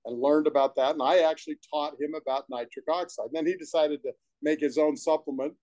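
An enthusiastic man rambles through his story as an interview guest, full of restarts and asides. His voice is fairly high and has a mellow tone. The sound is close and dry, with little room echo. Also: steady tone, fast talker. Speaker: supplement company founder, guest. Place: his own room at home.

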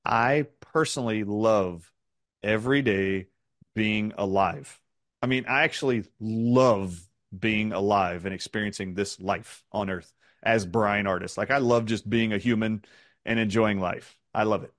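A middle-aged Southern American man, a guest in an interview, tells stories with emphasis and a stream of rapid questions. His voice is on the low side with fairly even intonation. The studio sound is clean and has no echo.

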